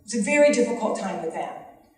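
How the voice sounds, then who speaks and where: A woman's voice: mid-range voice, animated, fairly quick. A middle-aged woman with a Western New York accent, a teacher giving earnest public testimony at a hearing. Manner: earnest, pleading, voice rising with emotion. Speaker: special education teacher testifying. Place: large hall, heard from a distance. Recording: echoey hall, mic far off.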